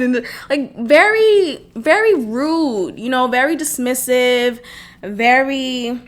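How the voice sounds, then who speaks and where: A woman's voice: sits high, lively intonation, measured pace, fairly bright tone. A young woman hosting a podcast alone, telling a personal story in casual chat, acting out quotes and swearing freely. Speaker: podcast host. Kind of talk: casual solo podcast talk.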